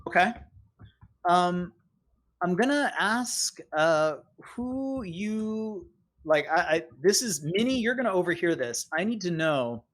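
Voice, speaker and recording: A game master narrating a tabletop role-playing game in a chatty, lively way. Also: mid-range voice, slow. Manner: lively, chatty storytelling with fillers.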